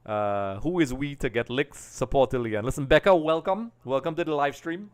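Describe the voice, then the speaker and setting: A man's voice: medium pitch, fairly quick, smooth. A man from Trinidad and Tobago hosting a live football watch-along, chatting casually, greeting viewers and reading out their comments. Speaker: live stream host.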